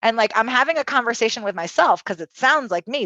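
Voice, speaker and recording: A woman who is a podcast guest and spiritual healer, telling a personal story with animated, profane energy and acting out quotes. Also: a little high, quick pace, hardly any pauses, no room sound, dull audio.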